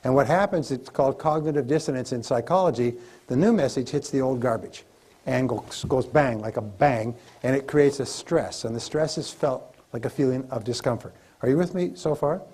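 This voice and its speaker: A man's voice: mid-range voice, moderate pace, darkish tone, husky. A man giving a motivational seminar lecture to a live audience, emphatic and repetitive as he coaches them. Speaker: motivational speaker.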